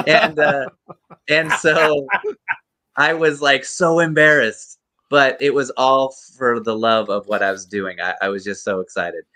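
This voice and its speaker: A man who is a guest actor, telling animated anecdotes in a casual interview with many restarts. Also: mid-range voice, normal speed.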